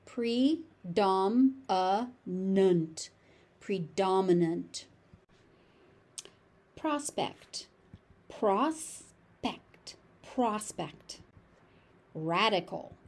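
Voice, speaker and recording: A woman with a General American accent teaching pronunciation, saying each word several times slowly and deliberately. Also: mid-range voice, a little mellow. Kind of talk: slow, carefully articulated pronunciation lesson.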